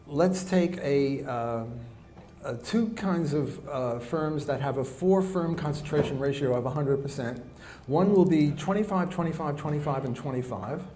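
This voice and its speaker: A man with a weak, soft voice giving a classroom economics lecture, often stopping to restart and rephrase as he walks around the room. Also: mid-range voice, a little hiss or hum. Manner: halting, often restarts and rephrases mid-sentence. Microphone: recorder clipped on, kept in pocket.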